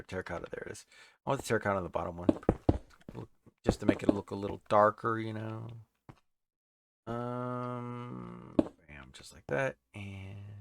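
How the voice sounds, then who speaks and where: Rambling man with gravelly voice. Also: fairly low pitch. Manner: rambling, talks to game creatures. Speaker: game streamer. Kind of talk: casual gameplay commentary. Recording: loud background noise.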